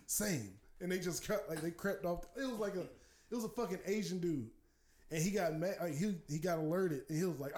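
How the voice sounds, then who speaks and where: High-voiced man, animated casual chat. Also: a little fast, echoey room. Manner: animated, laughing storyteller. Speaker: podcast co-host.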